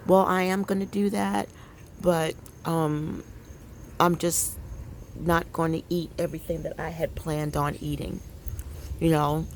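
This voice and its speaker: Woman, 50s, vlogger; low, gravelly voice; candid, rambling, confiding talk; faint crickets behind. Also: a little mellow, slight background noise. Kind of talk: casual personal chat to viewers. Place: outdoor deck.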